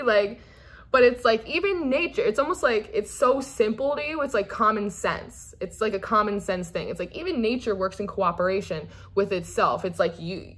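A young woman talks through a tarot reading in a loose, rambling way. Her speech runs on with "like" and repeated phrases. She sounds animated and conversational throughout. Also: mid-range voice, moderate pace. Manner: chatty, rambling, animated with frequent "like". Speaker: tarot reader. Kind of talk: casual tarot reading monologue.

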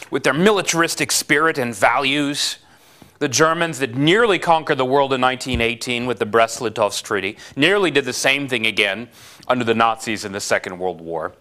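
A man's voice: medium pitch, normal speed. A man giving a university lecture, wry and questioning, reading a passage aloud with dramatic flair. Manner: lively, dramatic reading of quotes; wry, asks the class questions.

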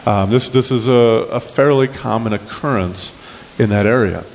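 A man's voice: medium pitch, normal speed, slight background noise. Folksy preacher man in a reverberant hall. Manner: folksy, conversational, many fillers and restarts. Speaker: pastor. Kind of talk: storytelling sermon. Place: church sanctuary.

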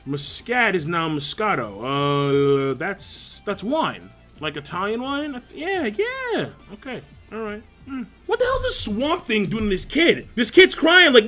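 Excitable young man reacting to manga. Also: high voice. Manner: loud swinging exclamations, crude joking. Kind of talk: live reaction commentary.

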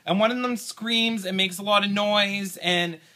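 A man with a high, bright, sharp-edged voice rambles through a quiz on a home video. He sounds flustered and exasperated and swears freely. He is picked up by a camera his partner is holding. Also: steady tone, measured pace. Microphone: camera held by partner.

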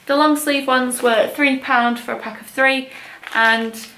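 A woman's voice: sits high, fairly even intonation, measured pace, pushed and bright, reverberant, slight background noise. A young woman, chatting casually and gushingly as a vlogger about baby clothes she bought. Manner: chatty, gushing, many likes and ums. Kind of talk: casual haul chat.

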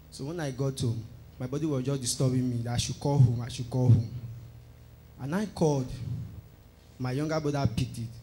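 A man giving an animated testimony at a church service, acting out the conversations he describes. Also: medium pitch, a little hiss or hum. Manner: excited, tells the story by acting out dialogue.

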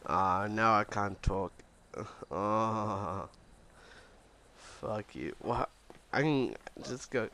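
A man's voice: fairly low pitch, extremely slow, pauses often, sharp tone. A man playing a police officer in a game roleplay, panicky and pleading, stammering as he talks. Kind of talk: in-character roleplay.

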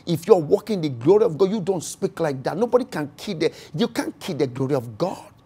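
A preacher delivering a sermon in a mid-pitched voice. The delivery is theatrical, with dialogue from scripture acted out and key phrases said again and again. Loud, pushing bursts give way to quiet, hushed lines. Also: animated, fairly quick, few pauses, husky. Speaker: pastor.

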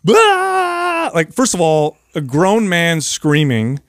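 A man's voice: a little high, measured pace, dry recording, clean studio sound. A man co-hosting a podcast in casual chat, animatedly telling stories and acting out screams and reactions. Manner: animated storyteller who acts out screams and reactions. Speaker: podcast co-host.

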